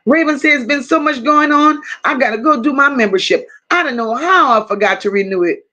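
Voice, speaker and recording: Woman w/ high voice doing livestream shoutouts, aave, calls everyone baby n boo, swears casually. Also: a little fast, muffled recording. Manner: warm, affectionate, calls viewers baby and boo; casual, swears freely, reads chat aloud. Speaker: livestream host. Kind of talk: live chat greetings.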